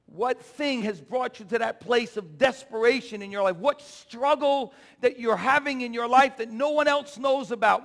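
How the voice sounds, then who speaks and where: A male pastor preaching a sermon with impassioned swings from shouting to low, urging the congregation to respond. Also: moderate pace, few pauses. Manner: call-and-response exhortations. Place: church sanctuary. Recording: long church reverb.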